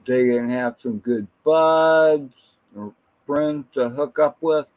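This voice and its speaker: Slow, rambling man on a livestream. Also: mid-range voice, vocal fry, lo-fi sound. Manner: slow, rambling, reminiscing storyteller; greets viewers from the chat by name. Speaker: drone channel livestream host. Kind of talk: casual livestream chat with viewers.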